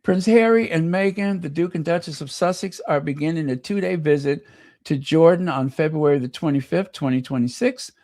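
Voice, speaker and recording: A man hosting a live stream, gushing excitedly to his viewers. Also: fairly high pitch, no echo, studio quality. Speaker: channel host.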